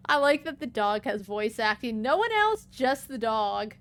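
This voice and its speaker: A woman's voice: a little high, sing-song, slow pace, pauses often, a bit bright, smooth. A woman streaming a game, chatting casually and musing aloud with lots of filler words. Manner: reads game dialogue aloud. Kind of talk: casual let's-play commentary.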